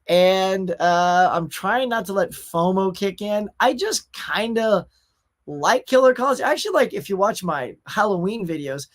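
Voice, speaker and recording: A man hosts a relaxed live stream from his own room at home. He talks in an easygoing, chatty way and calls out viewers by name. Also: high-pitched, unhurried. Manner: laid-back, chatty, greets viewers by name. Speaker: host of a pop culture live show. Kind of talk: casual livestream chat.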